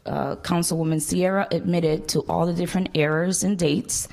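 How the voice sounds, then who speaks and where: Councilwoman, really low creaky voice, just lays out why she's voting no. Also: steady tone, moderate pace, darkish tone. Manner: plainspoken, explains her vote. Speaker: city councilwoman. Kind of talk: council debate remarks. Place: council chamber.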